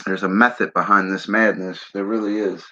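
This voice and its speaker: A man's voice: deep voice, steady tone, brisk, sharp tone. A man from the Philadelphia area hosting a casual livestream, rambling and saying "man" a lot while he smokes. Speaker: livestream host. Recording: dull lo-fi stream audio.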